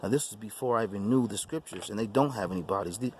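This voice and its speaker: A man's voice: on the low side, fast, slight background noise. A man hosting his own channel, telling a personal testimony story in an emphatic, repetitive way. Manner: repetitive, emphatic, restarts phrases. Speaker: YouTube channel host.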